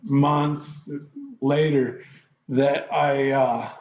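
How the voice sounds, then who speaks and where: A man telling his own story in an interview, halting often and acting out his past reactions in quoted lines. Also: medium pitch, steady tone, darkish tone, echoey room, lo-fi sound.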